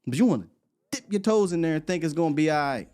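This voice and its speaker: A man hosting a live morning sports show, talking in an animated, rambling way and laughing often. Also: fairly high pitch, fast, soft background music. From United States.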